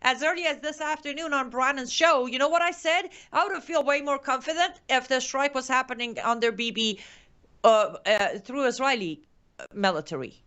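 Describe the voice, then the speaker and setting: A woman's voice: high voice, pushed and bright, lo-fi sound. An Iranian-accented woman hosts a live commentary show. She speaks with heated conviction and raw emotion, often tripping over her words and starting again as she reads viewer comments. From Iran. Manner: impassioned, emotional, rapid restarts. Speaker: show host.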